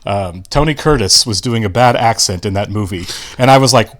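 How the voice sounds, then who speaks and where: A man's voice: lowish voice, a little fast, a bit bright. Male co-host, casual and wry, talks in loose restarts. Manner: rambling, restarts, dry humor. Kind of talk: casual movie reaction chat.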